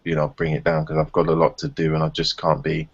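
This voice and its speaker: On a group video call, a round-table panelist tells stories casually, animatedly acting out other people in high voices. He talks quickly with a gravelly, breathy edge, and the call audio is dull and lo-fi.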